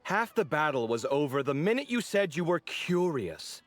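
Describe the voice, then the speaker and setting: An actor voicing a proud, fussy young architect in a video game, expressive and given to exasperated sarcasm. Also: male voice, fairly high pitch, normal speed, faint music behind. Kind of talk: game voice acting.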